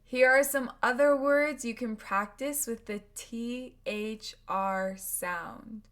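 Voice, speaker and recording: An American woman teaching English pronunciation, drilling words slowly and repeating them for practice. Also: fairly high pitch, a bit bright.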